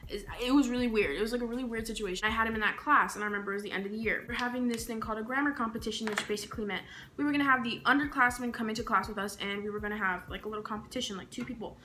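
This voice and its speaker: A young woman chats on camera with a bright, forward voice, spinning stories in a quick, slangy, animated way and acting out what people said. A faint hiss sits under her voice. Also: on the high side. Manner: animated, slangy, acts out quotes. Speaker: beauty vlogger. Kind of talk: casual storytelling while carving a pumpkin.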